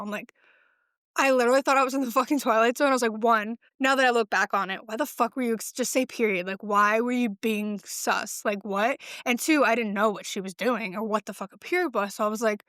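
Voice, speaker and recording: A pregnant woman in her late twenties hosts a solo podcast, chatting casually, swearing often and filling her speech with "like." Her voice is a little high and a bit bright, fairly quick, in a clean studio recording with no echo.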